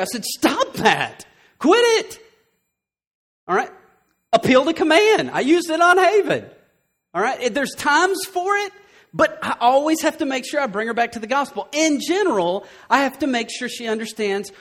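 A man's voice: high voice, fairly bright tone. A man in his thirties preaching a sermon as pastor, emphatic and checking in with "all right?" after nearly every point.

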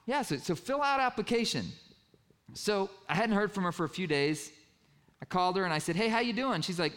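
Man preaching, lively storytelling. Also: fast. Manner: storytelling, acts out dialogue with a raised pitch. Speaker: pastor. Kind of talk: sermon.

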